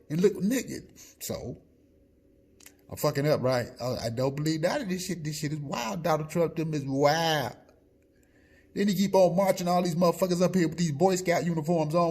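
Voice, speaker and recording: Husky, profane man ranting. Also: on the high side. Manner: loud, profane and animated, swings between shouting and muttering. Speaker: blogger. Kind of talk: profane off-the-cuff rant.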